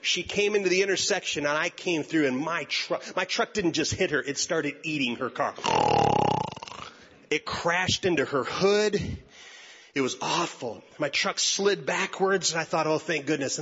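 High lively guy, pastor telling a funny story, slightly husky, lo-fi dull sound. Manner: animated, acts out every voice. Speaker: youth pastor and speaker. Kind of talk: comic storytelling talk. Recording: dull lo-fi recording.

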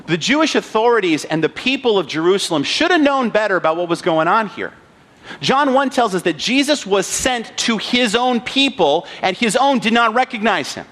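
A man's voice: a little high, fairly bright tone. A man preaching a sermon, reading scripture and acting out the mocking crowd with dramatic emphasis. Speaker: pastor.

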